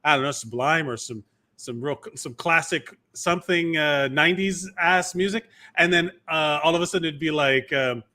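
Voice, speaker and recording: Bright-voiced rambling man. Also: a little high, moderate pace. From Miami, USA. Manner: rambling, lots of fillers and restarts. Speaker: podcast co-host. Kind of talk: casual chat.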